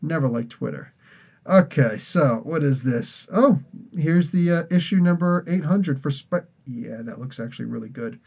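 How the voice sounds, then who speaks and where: A man's voice: fairly high pitch, moderate pace, vocal fry, darkish tone, dull audio. A man from New Jersey hosting a casual comics podcast livestream, tired and rambling, laughing often. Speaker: podcast host.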